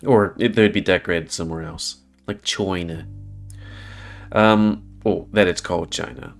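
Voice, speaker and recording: A man's voice: deep voice, fairly even intonation, a little slow, creaky, soft background music. Rambling man reading a game aloud. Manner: rambling, self-deprecating. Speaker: let's play reader. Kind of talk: casual asides while reading a visual novel.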